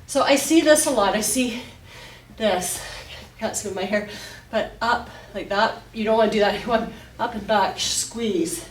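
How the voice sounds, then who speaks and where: Breathy woman fitness coach, echoey room. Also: on the high side, unhurried, recorded from a distance, a little hiss or hum. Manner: cues moves while exercising, breathy between sets. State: out of breath at times. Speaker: fitness instructor. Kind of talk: follow-along workout coaching. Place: home workout studio, indoors.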